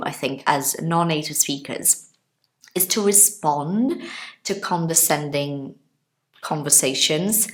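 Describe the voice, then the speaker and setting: A woman in her thirties teaching English in a relaxed, chatty way. Her fairly low voice moves up and down a lot as she explains words with everyday examples and keeps asking her viewers if they follow. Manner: chatty, explains with examples, asks listeners questions. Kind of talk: casual online English lesson.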